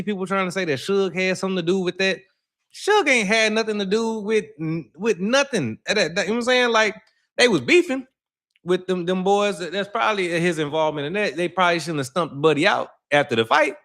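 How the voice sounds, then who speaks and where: A man talks straight to his viewers in loose, slang-heavy commentary and acts out every quote as he tells the story. His voice sits high and swings up and down as he goes. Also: fairly bright tone. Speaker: channel host. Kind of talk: casual commentary to camera.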